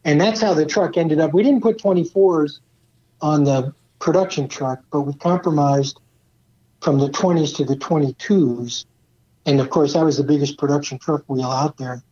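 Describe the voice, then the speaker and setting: A man who is a guest, telling relaxed stories about building a truck, often saying "you know". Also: on the high side, moderate pace, lo-fi sound. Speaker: former truck program leader as guest. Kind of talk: casual storytelling.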